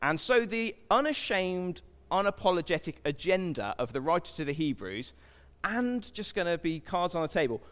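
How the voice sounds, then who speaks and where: A man's voice: sits high, very animated, normal speed. A man preaching a sermon in a church, chatting with the crowd and asking it questions. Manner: conversational, asks the crowd questions. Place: church hall. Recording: long hall reverb.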